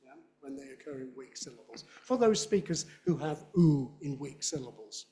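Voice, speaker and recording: A middle-aged man with a Southern British accent giving a playful, animated lecture on phonetics and demonstrating sounds aloud. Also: a little high, normal speed. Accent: Southern British English. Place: lecture hall.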